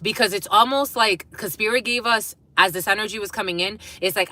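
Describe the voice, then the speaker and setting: A woman does a collective spiritual reading to camera, talking fairly quickly with hardly any pauses in a mid-range, sharp-toned voice with no echo. The tarot reader is blunt and swears, breaking off to laugh as messages come through.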